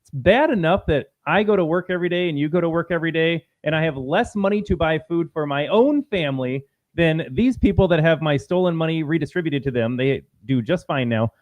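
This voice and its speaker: A man's voice: on the high side, lively intonation, fairly quick, dry recording, muffled recording. A man co-hosting a political podcast, talking in a blunt, indignant way. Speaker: podcast co-host. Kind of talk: heated political podcast talk.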